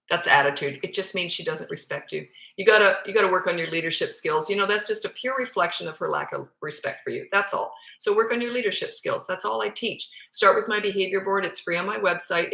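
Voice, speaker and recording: A woman in her fifties with a Canadian accent touched by Australian vowels, talking into a phone in a room at home. Her voice sits fairly low but has a bright, forceful edge. The room sounds echoey as she chats bluntly and pokes fun at herself. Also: creaky. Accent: Canadian with some Australian. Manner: chatty, blunt and self-deprecating. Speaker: parenting coach. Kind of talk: casual live Q&A. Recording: roomy echoey phone recording.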